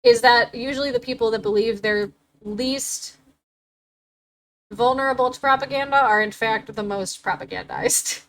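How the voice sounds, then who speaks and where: A woman's voice: a little high, moderate pace, a bit bright, rough recording. A young adult woman hosting a livestream, talking casually and animatedly, swearing and laughing often. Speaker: livestream host.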